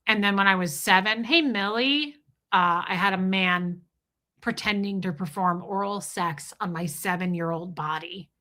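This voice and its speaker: Woman livestream host, bright and sharp-toned, blunt and confessional. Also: mid-range voice. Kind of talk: casual livestream talk with chat shout-outs.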